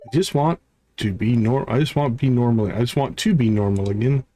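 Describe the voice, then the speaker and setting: A man's voice: medium pitch, a little fast, warm tone, a little hiss or hum, lightly acted. A man reading out the lines of a frail, despairing young villager recovering from illness, in a plain read-aloud way.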